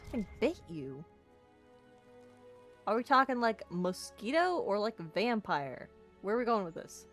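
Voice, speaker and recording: A woman's voice: medium pitch, sing-song, measured pace, pauses often, a bit bright, soft background music. Bubbly woman doing game commentary. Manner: bubbly, jokey, talks to game characters. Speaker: let's play streamer. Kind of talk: playful gaming commentary.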